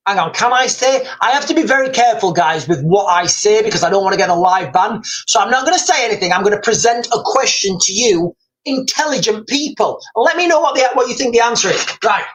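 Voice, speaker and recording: A man's voice: extremely high pitch, a bit bright, rough recording. A man hosting a live stream, chatting casually and rambling, with many restarts and asides to viewers. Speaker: livestream host.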